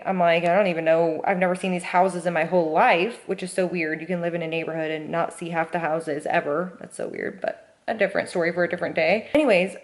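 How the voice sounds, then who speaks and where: A young woman vlogging casually, telling a story with lots of "like" and acting out the voices of the people in it. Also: medium pitch. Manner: animated, acts out quoted voices, frequent "like".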